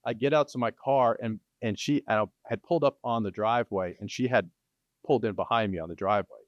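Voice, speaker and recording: A middle-aged man, a real estate agent and podcast host, telling a story in a casual, animated way, often restarting and laughing. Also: on the low side, fast talker, no room sound, muffled recording.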